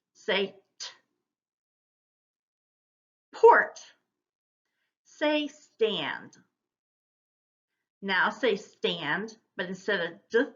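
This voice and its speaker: A woman teacher giving a recorded phonics lesson, modeling words and sounds slowly and deliberately for her students. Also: medium pitch, bright, forceful tone, muffled recording.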